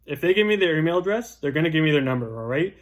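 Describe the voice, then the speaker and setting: Chatty man, fairly high voice. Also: expressive, racing. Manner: chatty, keeps asking "right?". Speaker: real estate agent teaching door-knocking. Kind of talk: casual instructional talk.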